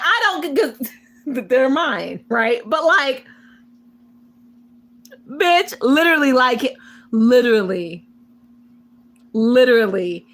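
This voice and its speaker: A woman with hosts a reaction video, reacting to a clip in casual commentary. Her high voice swoops all over the place as she goes. She talks slowly, laughing, swearing and sassing. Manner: loud, laughing, profane and sassy. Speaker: reaction channel host.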